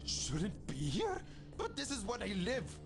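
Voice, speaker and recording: Here is a prickly rival game program that predicts doom. It speaks formally and melodramatically, in a high voice with a swinging pitch. Game music plays behind it. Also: male voice, huge pitch swings, measured pace, gravelly, exaggerated voice. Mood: melodramatic.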